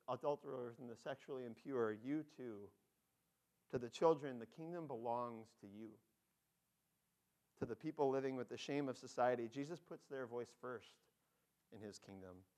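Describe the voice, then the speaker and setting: A man delivers an earnest sermon at an ordinary middle pitch. He tells the story with energy, brightening into lively character voices, then sinks soft and low to drive the key lines home. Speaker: pastor.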